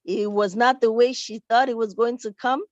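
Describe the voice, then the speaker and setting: A woman telling a Bible-style story to children at church, lively and expressive. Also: on the high side, normal speed, dry recording. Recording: dull, dry recording.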